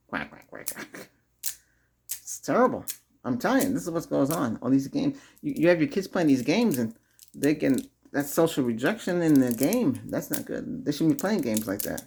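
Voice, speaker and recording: A man's voice: mid-range voice, lively intonation, brisk, gravelly, darkish tone, slight background noise. A man hosting a Reiki video, giving casual spoken advice to viewers, chuckling often and repeating himself. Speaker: Reiki ASMR host.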